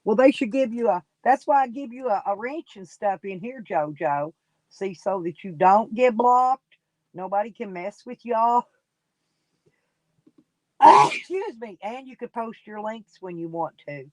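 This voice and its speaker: A woman's voice: medium pitch, lively intonation, a little slow, a little mellow, dry recording. A woman, sniffly and coughing, chatting casually and folksily with viewers on a live stream. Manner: folksy, rambling, talks straight to chat by name.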